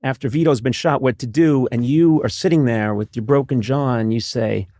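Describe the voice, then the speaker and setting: A man's voice: mid-range voice, moderate pace, warm tone, dry recording, studio quality. A man hosting a podcast, chatting loosely and retelling film scenes with restarts and bursts of laughter. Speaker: podcast host. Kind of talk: casual conversational podcast talk.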